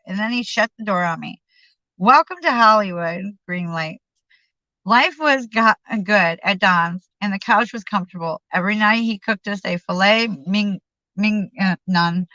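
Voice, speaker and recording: A woman's voice: medium pitch, normal speed, pushed and bright, no echo. A woman reading a memoir aloud on a live stream, stumbling and restarting over words. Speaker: reader. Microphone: streaming microphone. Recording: dull lo-fi sound.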